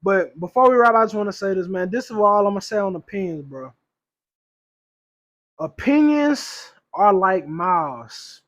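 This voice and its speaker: Young man, very high voice, loose slangy podcast storyteller who laughs easily. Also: fast talker, few pauses, a bit bright. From Louisiana or Texas, US South. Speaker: podcast co-host. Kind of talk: casual podcast chat.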